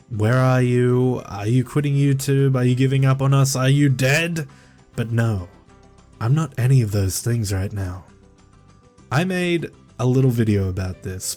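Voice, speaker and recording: Guy reading creepypasta, slow and low, laid back, faint music behind. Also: mellow. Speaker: creepypasta narrator. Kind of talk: casual chat, then scripted horror narration.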